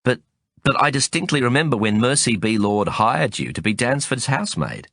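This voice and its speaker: A man's voice: medium pitch, big pitch swings, normal speed, fairly bright tone, dry recording, clean studio sound, voice pushed up. A man voicing a bruised, bewildered hospital patient who reacts with startled disbelief in an audiobook reading. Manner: startled and incredulous.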